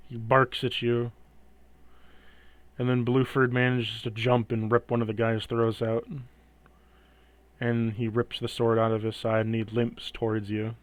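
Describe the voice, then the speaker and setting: Smooth-voiced man narrating as game master. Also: medium pitch, completely flat delivery. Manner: slow, dramatic descriptive narration.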